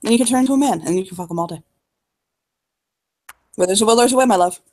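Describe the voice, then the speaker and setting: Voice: medium pitch, fast talker, darkish tone, pitched above the performer's own voice, natural voice. A player voicing a playful, teasing male companion in an improvised role-play.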